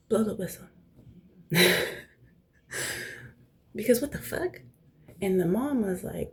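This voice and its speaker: A woman's voice: mid-range voice, moderate pace, gravelly, long pauses, dark tone, slightly rough. A young woman host telling personal stories in a casual, blunt, profane way, often dropping to a near whisper. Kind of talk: casual storytelling chat.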